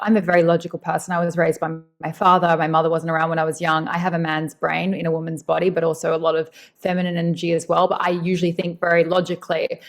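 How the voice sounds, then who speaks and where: A woman with a slightly low voice talks as a guest in a relaxed interview. She is animated and emphatic, drawing out the words she wants to stress and slipping into quick bits of acted-out dialogue. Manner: animated, acts out quoted dialogue. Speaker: podcast guest, meditation teacher and author. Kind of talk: conversational interview.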